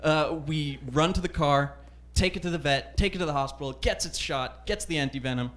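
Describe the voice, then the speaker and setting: A man doing a stand-up routine on a comedy club stage into a handheld mic, telling stories in a deadpan, self-deprecating way. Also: on the high side, a little fast.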